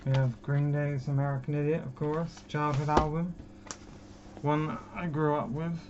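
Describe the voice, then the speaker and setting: A man's voice: fairly high pitch, flat delivery, moderate pace. A young man from Britain chatting casually and rambling through his record collection, poking fun at himself. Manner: chatty, self-mocking, rambling. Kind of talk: casual chat. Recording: dull lo-fi with clear background noise.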